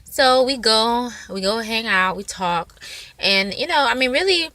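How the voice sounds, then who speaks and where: A woman's voice: a little high, measured pace, no room sound. A woman vlogger telling a personal story in a rambling, casual way, full of fillers. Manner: rambling, filler-heavy, animated retelling.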